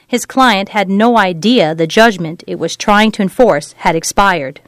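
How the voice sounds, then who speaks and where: A woman narrating a novel in an even, measured storytelling read. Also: medium pitch, no room sound. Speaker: audiobook narrator. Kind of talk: scripted narration.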